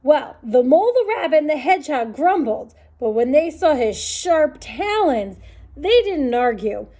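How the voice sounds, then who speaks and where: A woman reading a children's picture book aloud, with a high voice that leaps up and down in pitch. She plays up the story with sound effects and an animated delivery. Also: measured pace. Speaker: storytime reader.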